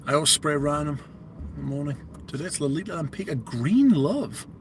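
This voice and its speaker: A man's voice: a little high, animated, fairly quick, slight background noise. A British man hosting a livestream, chatting casually and rambling with plenty of swearing. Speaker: livestream host. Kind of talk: casual live chat.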